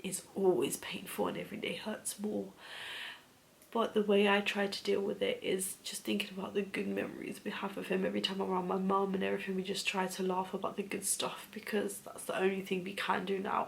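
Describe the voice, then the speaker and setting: A woman in her thirties shares a deeply personal story of grief for her vlog. Her voice is heavily gravelly with fry and often slips into soft, breathy near-whispers. Faint ambient noise sits behind her. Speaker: vlogger.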